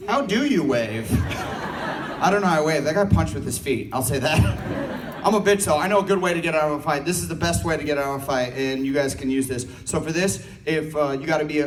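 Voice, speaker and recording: A man performing a loud, animated, profane stand-up set and bursting into screams. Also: on the high side. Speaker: stand-up comedian. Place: large university hall with a live audience. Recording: distant mic, loud crowd noise.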